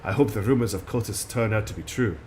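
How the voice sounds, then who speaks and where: A man voicing a stern, brooding female warrior guardian in a game, with a put-on French accent that slips, speaking low and solemn. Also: fast talker, a little mellow, a little hiss or hum, close to an everyday voice. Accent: put-on French, slipping. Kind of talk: reading game dialogue aloud.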